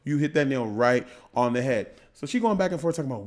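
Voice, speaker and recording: A man co-hosting a casual podcast, telling a story in an animated way, acting out the people in it and laughing often. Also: mid-range voice, fast. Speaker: podcast co-host.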